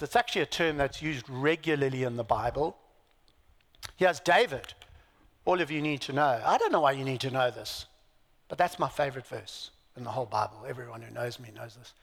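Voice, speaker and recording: A man's voice: on the high side, creaky, a bit bright, big-room sound. A man preaching a sermon, emphatic, asking his listeners rhetorical questions, with dry self-deprecating asides. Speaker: pastor.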